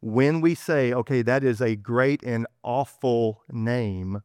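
A man's voice: mid-range voice, takes it slowly, darkish tone, clear, resonant tone, no echo. A man with a Texas accent preaching a conversational sermon, folksy and self-correcting as he goes. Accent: Texan. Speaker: pastor.

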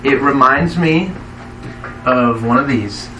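A man's voice: medium pitch, slow, sharp tone, soft background music. Preaching man in an echoey hall. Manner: conversational, asks the congregation questions. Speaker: pastor. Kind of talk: sermon. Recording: echoey hall, mic from a distance.

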